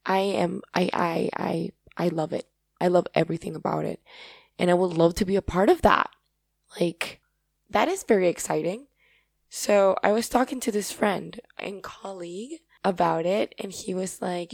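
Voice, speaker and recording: A woman's voice: fairly low pitch, normal speed, vocal fry, no echo. A Spanish-speaking woman from Paraguay with a Paraguayan accent, hosting a podcast and talking to listeners in a rambling, earnest, effusive way. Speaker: podcast host. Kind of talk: casual solo talk.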